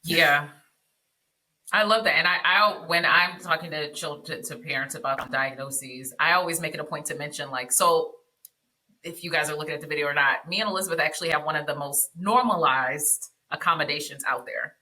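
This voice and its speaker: A woman, a therapist and educator, in a casual panel discussion, telling stories with quick asides and playful questions to the others. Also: low-pitched, sharp tone, low-quality recording.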